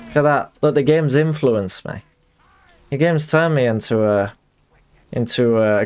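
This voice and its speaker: A man's voice: mid-range voice, normal speed. A young adult man, streaming a game and chatting in a rambling, self-deprecating way. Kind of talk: casual chat while gaming.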